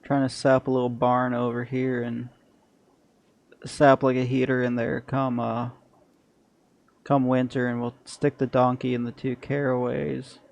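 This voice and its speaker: A man's voice: medium pitch, completely flat delivery, moderate pace, vocal fry. A man streaming a strategy game, muttering through his plans and chatting bluntly to viewers with crude humor. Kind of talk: casual gameplay commentary.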